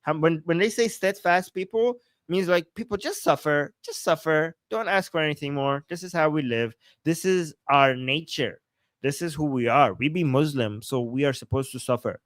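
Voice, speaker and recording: A man from Iran speaks English, hosting a live political stream and reacting to the chat with sarcasm and quick laughs. His voice sits a little high for a man. The sound is dry and close to the mic. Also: dry recording. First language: Persian. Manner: animated, sarcastic, laughs often, reads chat aloud. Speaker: political commentator and livestream host.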